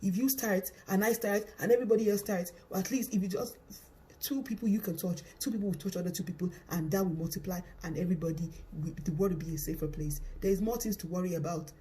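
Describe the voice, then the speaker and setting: A man's voice: high voice, fast, warm tone. A man, a parent, making an impassioned spoken appeal, urgent and pleading, repeating phrases over and over for emphasis.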